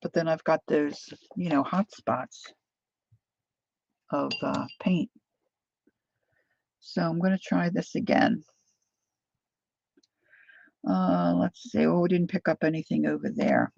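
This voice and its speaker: A woman's voice: deep voice, steady tone, takes it slowly, vocal fry, long pauses, darkish tone, husky, no echo, highs cut off. A woman chatting casually as she demonstrates a craft technique, thinking aloud while she works. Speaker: craft vlogger.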